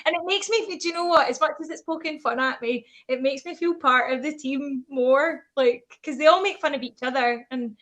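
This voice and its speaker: A woman's voice: high voice, moderate pace, few pauses, fairly bright tone. A woman chatting casually on a video call, telling stories with lots of giggles. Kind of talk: casual chat.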